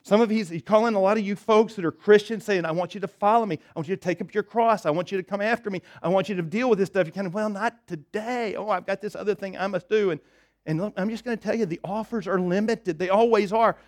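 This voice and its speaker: Man, pastor, sermon, dynamic loud-to-soft delivery, slightly high voice. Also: quick pace. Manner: dynamic preaching, swings from loud emphatic to soft and low.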